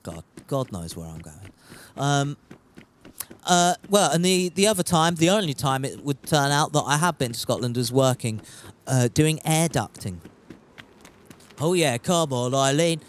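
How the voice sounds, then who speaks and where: A man's voice: a little high, expressive, measured pace. A man casually commentating his gameplay, rambling and joking as he chats with viewers. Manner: rambling, jokey, chatty with viewers. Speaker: game streamer.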